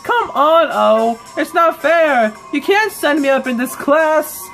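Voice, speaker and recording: A woman voicing a hot-tempered young male raccoon who is a sore loser, whiny and shouting. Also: high-pitched, animated, slow, faint music behind, voice pushed up, exaggerated voice. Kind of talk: fan-made character voice acting.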